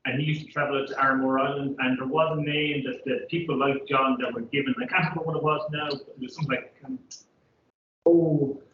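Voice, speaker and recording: A man's voice: medium pitch, level tone, fairly quick, background noise. A man in a lecture audience who speaks tentatively and searches for words. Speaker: audience member. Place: lecture room. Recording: distant, echoey, lo-fi room audio.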